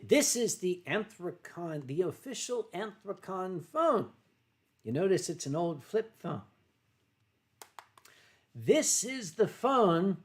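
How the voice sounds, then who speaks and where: Rambling, profane livestream host. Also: male voice, sits high. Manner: rambling and profane, reads chat aloud, frequent throat clearing. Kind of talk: casual livestream chat while drinking.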